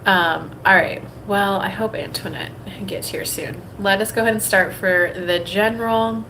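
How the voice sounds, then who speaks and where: A woman hosting a spiritual livestream at an ordinary, mid-range pitch. She talks in a conversational, repetitive rhythm and pops into little acted-out quotes. A faint hiss sits under her voice. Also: fairly even intonation, moderate pace, sharp tone, poor audio. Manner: conversational, acts out quoted inner voices in a higher tone; repetitive and rhythmic when making a point. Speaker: host of a live spiritual reading show. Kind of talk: livestream talk with a channeled-style message.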